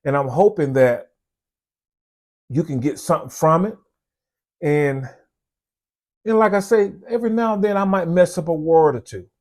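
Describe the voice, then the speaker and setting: A man's voice: fairly high pitch, moderate pace, pauses often, a little mellow. A man with a Southern US accent, a police officer hosting his own channel, talking casually and folksy to the camera. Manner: folksy, conversational, repeats points.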